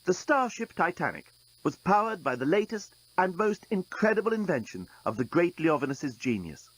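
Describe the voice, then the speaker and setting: A man's voice: high voice, very animated, moderate pace, a bit bright, low-quality recording. A man narrating an audiobook in a dry, wry storytelling manner.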